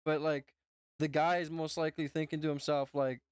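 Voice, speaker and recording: A man's voice: medium pitch, flat delivery, a little fast, clear, resonant tone, no room sound. A man with a North Dakota accent, a streamer giving loose, profane reaction commentary full of "bro" and "man".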